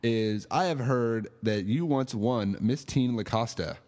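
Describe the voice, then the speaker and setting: A man hosts a relaxed radio interview at an ordinary middle pitch. He asks his questions in a friendly way and gently teases his guest. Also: unhurried, long reverb tail, noisy background. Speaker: radio host.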